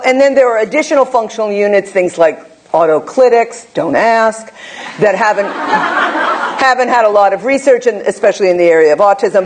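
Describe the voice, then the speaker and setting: A woman's voice: medium pitch, darkish tone. Chatty woman giving a wry lecture. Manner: wry, chatty asides with frequent tag questions. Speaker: behavior analyst presenter. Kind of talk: conversational academic talk.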